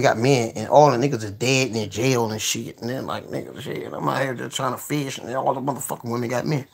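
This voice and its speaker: Gravelly, excitable man ranting on a livestream. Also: medium pitch, fast talker, hardly any pauses. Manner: profane, excitable, jumps between mumbling and yelling. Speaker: livestream host. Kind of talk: casual livestream rant to viewers.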